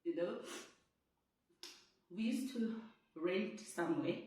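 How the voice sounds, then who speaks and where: A woman from South Africa telling a personal story in an animated way, laughing often. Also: lowish voice, slow. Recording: very echoey room, voice from far off.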